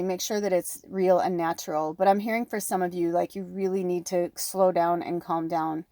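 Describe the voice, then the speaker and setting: A woman's voice: fairly low pitch, darkish tone, no room sound. A middle-aged woman giving a chatty pick-a-card tarot reading, talking close to the microphone. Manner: chatty, breathy asides, close to the mic. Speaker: tarot reader.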